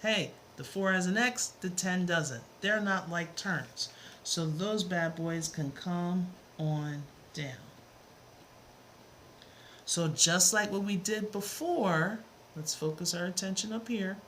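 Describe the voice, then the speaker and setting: A woman's voice: lowish voice, slow, fairly bright tone, a little hiss or hum. A woman teaching math on a live stream, greeting viewers by name and explaining steps with playful asides. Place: home room with a fan running.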